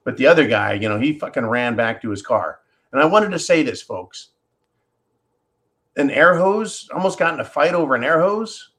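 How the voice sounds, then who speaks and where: A man's voice: medium pitch, expressive, moderate pace, a bit bright. Blunt, profane man telling a story. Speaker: podcast host. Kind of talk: casual monologue and storytelling.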